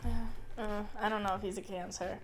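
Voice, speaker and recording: A woman's voice: medium pitch, flat delivery, brisk, over music. A young woman co-hosting a podcast in casual chat, laughing often and swearing bluntly. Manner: giggly, blunt, swears freely. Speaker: podcast co-host.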